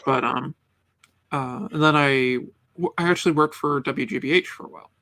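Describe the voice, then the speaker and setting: A gravelly, slightly raised voice belongs to a middle-aged man from the Boston area. He hosts a loose, casual chat at an easy pace. He fills his pauses with ums and chuckles often. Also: fairly high pitch, sharp tone. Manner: laid-back, many ums, chuckles often.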